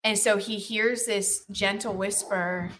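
A woman teaching from the Bible, retelling the story in a chatty, animated way, full of "you know" and "like" and checking in with "right?" and "okay?". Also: medium pitch, takes it slowly, slight background noise. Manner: animated retelling with lively emphasis.

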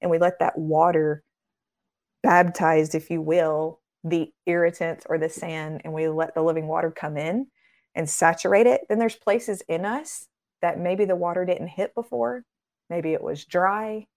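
Speaking a little slowly in a mellow voice on the low side, a ministry founder guesting on a faith podcast delivers her message in an earnest, preacherly style. Repeated phrases build each point, and she lifts her tone to act out quoted speech.

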